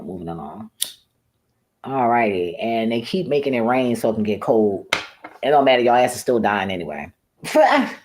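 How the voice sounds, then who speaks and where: With a rumbling low, darkish voice, a woman vlogger rants casually to the camera, blunt and profane, frequently laughing at her own remarks. There's slight background noise.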